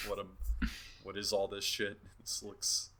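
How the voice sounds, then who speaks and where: A man's voice: on the low side, completely flat delivery, takes it slowly, sharp tone. A man co-hosting a podcast in casual chat, talking in a sarcastic, mocking way. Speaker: podcast co-host.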